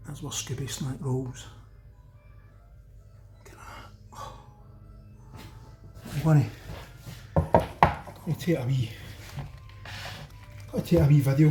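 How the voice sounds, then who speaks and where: A man's voice: fairly high pitch, dark tone, roomy sound. A man with a Glasgow accent chatting casually to viewers as he cooks in a home kitchen, exclaiming over the food. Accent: Glaswegian Scottish. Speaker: home cooking vlogger. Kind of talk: casual cooking commentary to camera.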